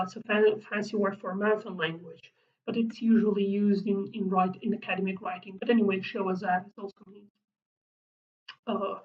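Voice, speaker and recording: Woman teaching words, lots of restarts, kinda far from the mic, dull lo-fi sound. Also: mid-range voice. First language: Kurdish. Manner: halting, searching for words, frequent restarts. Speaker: language teacher. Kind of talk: explaining vocabulary in a lesson.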